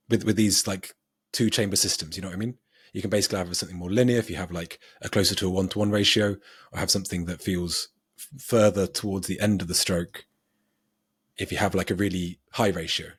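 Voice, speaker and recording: A man with a lowish, slightly breathy voice co-hosts a podcast, recorded dry with clean studio quality. He chats casually and thinks out loud, dropping plenty of ums and often laughing at himself.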